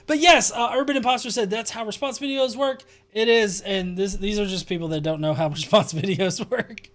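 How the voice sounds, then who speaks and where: A man's voice: high-pitched, moderate pace, fairly bright tone. A young man hosting a live stream, reading viewer comments aloud and mocking them with laughter and constant swearing. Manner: profane, laughing, sarcastic. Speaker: show host.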